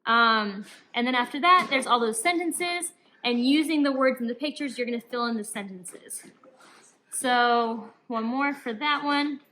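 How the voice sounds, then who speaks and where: A woman's voice: fairly high pitch, a little slow, sharp tone, a little hiss or hum, low-quality recording. A young woman teacher giving upbeat, encouraging instructions to young children in a recorded remote lesson. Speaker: elementary school teacher.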